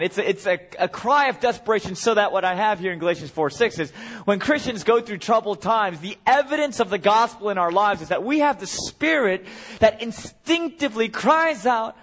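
A man's voice: sits high, lively intonation, moderate pace, a bit bright. A middle-aged man preaching a sermon as a guest speaker, earnest and building to impassioned cries.

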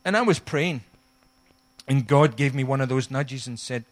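A middle-aged man preaching a sermon, telling a humorous story with animated, acted-out quotes. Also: mid-range voice, normal speed, long pauses. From Scotland. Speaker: guest pastor.

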